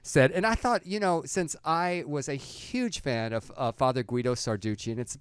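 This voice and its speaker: A man co-hosting a talk show in casual chat, rambling and halting, with some profanity. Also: medium pitch, lively intonation, clear, resonant tone, no echo, studio quality.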